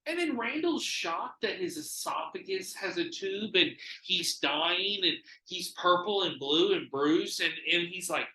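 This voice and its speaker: Animated, cussing podcast host, bright voice. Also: male voice, sits high, unhurried, few pauses, reverberant, low-quality recording. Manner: animated, profane storytelling. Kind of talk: casual podcast chat.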